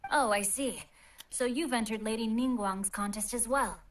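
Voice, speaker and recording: A woman's voice: a little high, moderate pace, recorded from a distance, very noisy, natural voice. Brief: woman doing a refined young male heir, formal and polite, in a game; roomy, faraway sound. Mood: courteous. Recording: echoey game audio under streamer mic.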